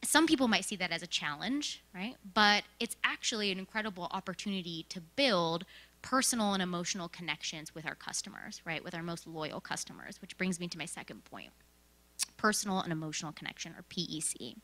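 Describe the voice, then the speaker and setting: A young woman giving a casual, animated talk about her work, telling stories and often checking in with "right?" and "like". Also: on the low side, a little fast. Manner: animated storytelling with frequent "right?" and "like". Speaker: presenter sharing work experience. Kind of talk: conversational presentation.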